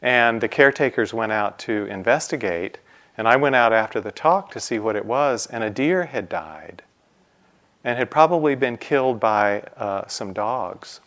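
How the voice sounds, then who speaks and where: Male meditation teacher, mid pitch, casual dharma talk with rhetorical questions. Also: animated, moderate pace, a bit bright. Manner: conversational, asks rhetorical questions. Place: retreat center.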